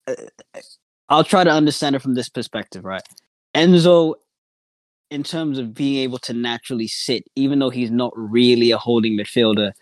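A man's voice: medium pitch, dry recording. A man in a casual football chat, talking in a blunt, mocking, lecturing way. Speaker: podcast co-host.

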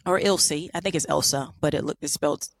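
A woman with a lowish voice tells a history story in loose, irreverent podcast chat, full of asides. The sound is dry and close. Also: fairly quick, vocal fry, dry recording. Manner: chatty and irreverent, apologetic about pronunciation. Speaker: podcast co-host.

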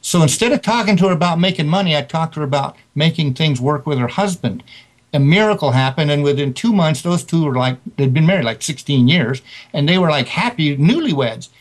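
A man's voice: fairly high pitch, expressive, a little fast. A man who is an author and guest, telling motivational stories in an interview with emphatic delivery. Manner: emphatic, tells anecdotes with quoted dialogue.

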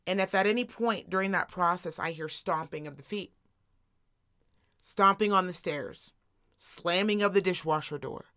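A woman's voice: fairly low pitch, moderate pace, bright, forceful tone. A woman co-hosting a podcast in casual chat, blunt, emphatic and full of profanity. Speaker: podcast co-host.

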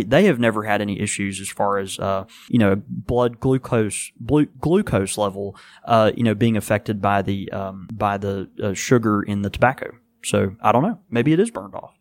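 A man co-hosting a casual podcast, talking in a halting way with many fillers and restarts. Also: fairly low pitch. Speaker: podcast co-host.

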